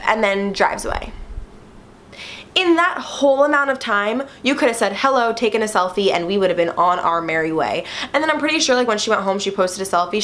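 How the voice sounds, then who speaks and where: A young woman chatting casually to her viewers, full of "like" fillers and animated retellings. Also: mid-range voice, a little hiss or hum. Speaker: vlogger. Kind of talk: casual storytime chat to camera.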